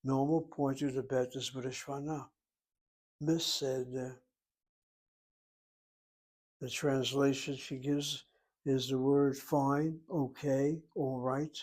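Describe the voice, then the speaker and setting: A man's voice: mid-range voice, flat delivery, a little slow, a little mellow. A man teaching a Hebrew grammar lesson, explaining each word methodically letter by letter.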